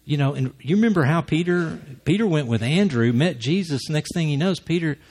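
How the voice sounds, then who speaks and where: A man's voice: on the high side, lively intonation, brisk, darkish tone. A man preaching a conversational sermon who acts out the lines he quotes.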